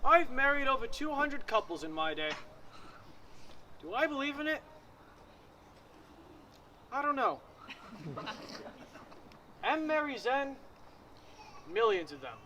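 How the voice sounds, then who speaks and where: A man's voice: very high-pitched, big pitch swings, slow, pauses often, pushed and bright, full character voice. A man playing a dry, wry stage manager. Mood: musing. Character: folksy male stage manager, later officiating minister. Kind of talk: stage play acting. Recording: distant, muffled stage recording with faint noise.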